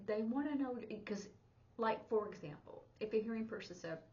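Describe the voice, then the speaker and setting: A woman's voice: on the high side, expressive, moderate pace, warm tone. A woman who teaches sign language and works as an interpreter, giving a casual spoken lesson in a chatty way and acting out bits of dialogue as she explains. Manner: chatty, acts out quoted dialogue. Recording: dull lo-fi recording.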